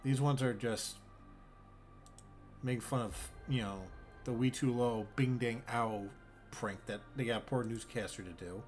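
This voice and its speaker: Male streamer, mid-pitched, rambling and swearing in puzzled asides, soft game music underneath. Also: a little slow. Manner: bemused, profane, rambling. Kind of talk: casual gameplay commentary.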